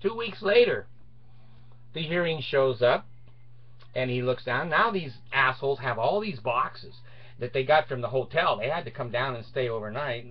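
A middle-aged man spins a personal anecdote in a loose, chatty way, swearing freely and chuckling at his own lines. His voice sits at an ordinary pitch for a man. The recording sounds dull and lo-fi. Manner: laughs through his story, crude and boastful. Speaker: storyteller.

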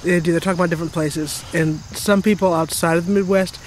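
A woman's voice: on the low side, steady tone, fast, a little hiss or hum, poor audio. A woman co-hosting a casual podcast chat in a chatty, playful way. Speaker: podcast co-host. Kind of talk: casual conversation.

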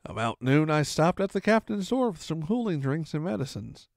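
A man narrates an old adventure tale with a lively, swooping delivery and a gravelly voice. The voice is fairly high for a man. The sound is dry and close, with no room around it. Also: moderate pace, dry recording. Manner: expressive first-person narration. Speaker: storyteller. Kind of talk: reading a classic novel aloud.

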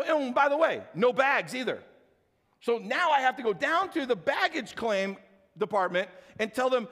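A jokey, animated middle-aged pastor relates a personal story to his congregation, addressing them directly in a church sanctuary. His voice is high-pitched and rings out in a large hall.

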